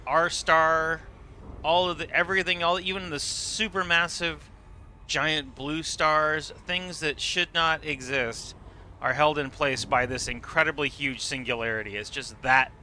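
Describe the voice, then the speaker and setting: A man's voice: on the high side, steady tone, unhurried, bright, forceful tone, a little hiss or hum. A man streaming a game live, explaining what he sees with enthusiasm and casual swearing. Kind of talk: live gameplay commentary.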